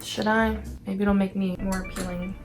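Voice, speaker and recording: A young actress chatting casually to her camera at home, self-deprecating and bubbling over with excitement at times. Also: medium pitch, normal speed. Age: young adult. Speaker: actress and vlogger. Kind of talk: casual vlog chat to camera. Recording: music playing behind the voice.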